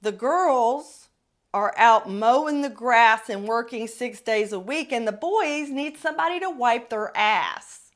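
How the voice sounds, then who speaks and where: Casting note: middle-aged woman, podcast host, unhurried delivery with a wide-swinging, fairly high voice, blunt and salty. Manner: blunt, profane, animated storytelling. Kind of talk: casual storytelling monologue.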